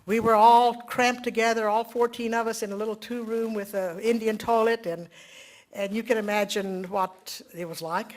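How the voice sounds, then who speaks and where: A woman's voice: a little high, little pitch movement, moderate pace. Older woman telling a devotional story. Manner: earnest, reflective, with dramatic quiet drops and rising exclamations. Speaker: speaker at a devotional meeting. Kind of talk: personal storytelling talk.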